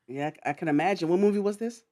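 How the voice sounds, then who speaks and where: A man's voice: high-pitched, fast, dark tone. Man giving short interview prompts. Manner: brief encouraging replies. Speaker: interview host. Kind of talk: casual interview.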